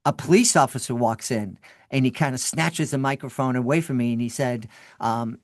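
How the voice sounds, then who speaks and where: A man recounting an old story as a podcast guest, his mid-range voice swinging with animated energy. He restarts and repeats words as he goes. The sound is dry and close, with no room around it. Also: mid-range voice, normal speed, dry recording. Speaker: podcast guest, children's podcast creator. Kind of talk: storytelling in an interview.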